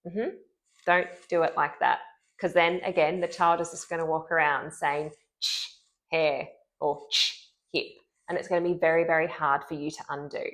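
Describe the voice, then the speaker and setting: A woman speech-language pathologist talks through a therapy technique in an instructional video. Her voice sits on the low side, and she draws sounds out slowly and deliberately to demonstrate them. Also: fairly bright tone. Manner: clear, deliberate modeling of speech sounds, drawn-out sounds.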